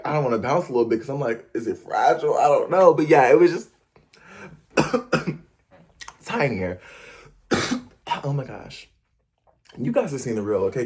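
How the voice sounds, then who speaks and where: Young man, from the US, casual vlog chat, chatty, animated, filler-heavy, mid-pitched voice. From United States. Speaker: vlogger.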